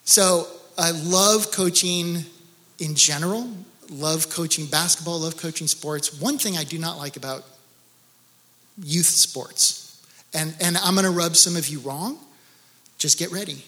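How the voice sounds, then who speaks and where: Animated, bright-voiced male pastor. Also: on the high side, unhurried. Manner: animated storytelling with laughs and exclamations. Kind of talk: sermon.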